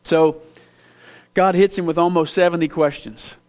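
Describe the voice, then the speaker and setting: A man preaching a sermon to a congregation, talking to them directly with questions, swinging from loud emphatic bursts to quiet, low asides. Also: steady tone, moderate pace, clear, resonant tone. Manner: emphatic, with sudden loud rises and quiet drops; conversational, asks the listeners direct questions. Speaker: pastor. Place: church before a congregation.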